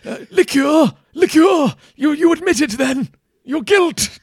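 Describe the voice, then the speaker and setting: A man's voice: extremely high pitch, very animated, takes it slowly, darkish tone, slightly rough, dry recording, clean studio sound, heavily acted. A man voicing a pompous male knight who questions suspects in a theatrical, accusing way.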